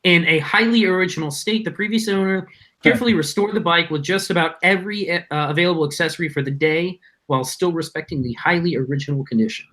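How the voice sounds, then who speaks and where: A male co-host with a bright, fairly high voice, talking casually on a podcast. He reads viewer comments and a dealer's listing aloud and throws in quick reactions. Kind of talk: casual chat.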